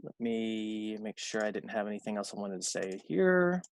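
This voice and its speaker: A man's voice: lowish voice, very animated, moderate pace, creaky, no room sound. A man teaching a recorded college math lecture in a conversational way, repeating key points and correcting himself aloud.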